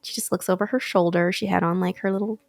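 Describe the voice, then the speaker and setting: A woman's voice: lowish voice, fairly even intonation, quick pace, vocal fry, no room sound. A woman guest on a talk show, playfully telling stories and laughing through her lines. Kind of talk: casual talk show chat.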